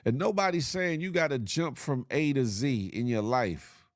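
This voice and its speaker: A man's voice: mid-range voice, moderate pace, dry recording, studio quality. Preachy man ranting on a morning show. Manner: preachy, repetitive, motivational ranting with slang and laughs. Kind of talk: casual livestream monologue.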